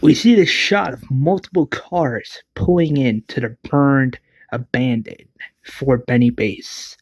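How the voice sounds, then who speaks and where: A man's voice: medium pitch, slow, a little mellow, no room sound. A man casually retelling his own fan story, restarting words as he narrates. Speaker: series creator and narrator.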